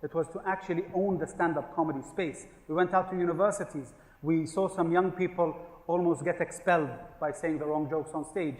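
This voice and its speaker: Fairly high-pitched and a little mellow, this conference speaker talks fairly quickly with fairly even intonation and hardly any pauses. His humorous business keynote mixes stories, jokes and rhetorical questions to the audience, recorded with long reverb in a large, echoey conference hall.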